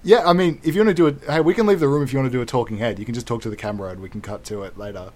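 A man's voice: mid-range voice, rapid-fire, a little mellow. A man improvising comedy scenes, rambling with plenty of fillers. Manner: rambling, full of fillers and giggles.

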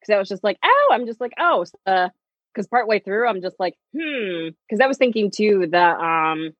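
Animated woman chatting with lots of laughter. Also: mid-range voice, normal speed, dry recording, muffled recording. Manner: animated, laughs often, acts out quotes in voices. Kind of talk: casual chat reviewing a TV series.

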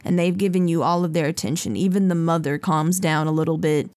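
Low-voiced woman narrating a tabletop game. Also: darkish tone, dry recording. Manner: descriptive, unhurried narration with fillers. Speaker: game master.

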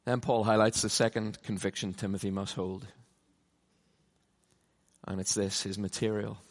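A middle-aged man preaching a conference sermon, emphatic, swinging from loud passionate peaks down to low, quiet lines. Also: little pitch movement, normal speed. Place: large conference hall. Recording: long hall reverb.

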